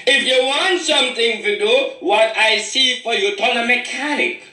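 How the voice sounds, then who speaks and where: A man's voice: extremely high pitch, moderate pace, sharp tone, distant mic. A man with a Jamaican Patois accent, a spiritual reader giving a preachy, boastful warning monologue that rambles in patois. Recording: echoey room, away from the mic.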